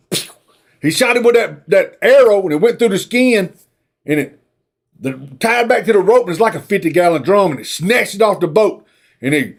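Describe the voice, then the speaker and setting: A man, retelling a movie plot as a rambling, folksy comic story. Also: high-pitched. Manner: rambling, folksy, drawling asides.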